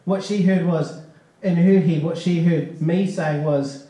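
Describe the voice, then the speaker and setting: A man's voice: a little high, fairly even intonation, measured pace, mellow, a little hiss or hum. A man doing a live stand-up set in a comedy club, talking in a wry, conversational way with profane asides. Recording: echoey club sound from a distant mic.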